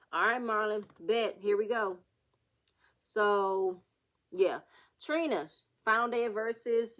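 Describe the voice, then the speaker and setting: A young woman casually recapping a reality TV episode, ranting and acting out the cast's arguments in an animated way. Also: on the high side. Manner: animated, rants and acts out the cast's quotes.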